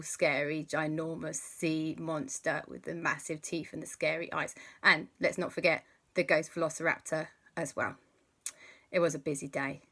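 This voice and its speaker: A woman's voice: low voice, bright, forceful tone. A woman making up an adventure story for children, playful and full of sound effects and gasps. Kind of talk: improvised bedtime story for kids.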